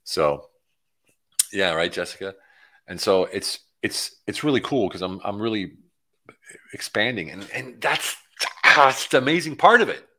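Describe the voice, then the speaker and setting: A middle-aged man, a coach hosting a livestream, chatting casually and excitedly with viewers and rambling from topic to topic. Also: on the low side. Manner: excitable, rambling, hypes his program, jumps between topics. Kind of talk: casual livestream chat, reading out viewer comments.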